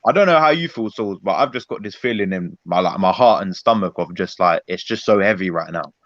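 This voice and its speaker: A man's voice: deep voice, animated, brisk, fairly bright tone, no echo. A man giving an angry, rambling post-match reaction on a football chat stream. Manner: fuming, rambling, emphatic. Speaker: Arsenal fan panelist. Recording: dull lo-fi call audio.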